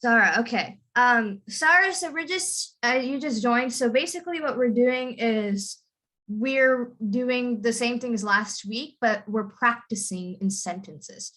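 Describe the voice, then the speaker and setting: A woman's voice: a little high, measured pace, a bit bright. A young woman teaching English pronunciation in an online class. She is patient and repeats example words over and over to model the stress. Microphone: video call.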